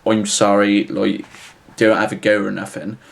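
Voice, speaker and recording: Rambling man, deadpan vlog. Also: on the low side, creaky. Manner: rambling, halting, filler-heavy; flat, matter-of-fact. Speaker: vlogger. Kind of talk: deadpan comic advice vlog.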